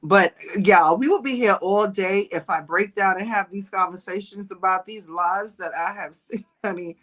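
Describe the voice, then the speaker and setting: A woman's voice: moderate pace, low-quality recording. Chatty woman gossiping on a livestream. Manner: animated storytelling, acts out quotes in higher voice, laughs often. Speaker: livestream host. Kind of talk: casual gossip chat to viewers.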